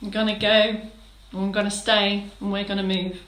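A woman's voice: mid-range voice, level tone, moderate pace, a bit bright, roomy sound, rough recording. A woman fitness instructor leading a live-streamed exercise class, chatting, greeting viewers by name and giving encouraging instructions. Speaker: fitness instructor for older adults.

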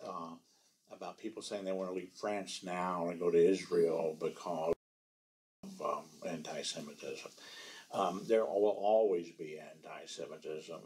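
A man's voice: sits low, darkish tone, poor audio. A man from the American South, an author giving a library talk, telling self-deprecating anecdotes and slipping in French phrases. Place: library event room.

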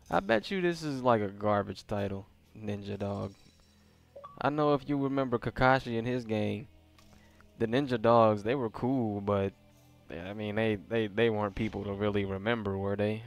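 A man giving casual let's-play commentary, reacting to gameplay with slangy jokes. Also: on the low side.

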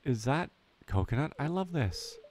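A man's voice: medium pitch, sing-song, measured pace, darkish tone, soft background music, pitched above the performer's own voice. A man reading the lines of a fashion-loving young woman villager from a farming game. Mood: pleased. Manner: reads game dialogue aloud lightly.

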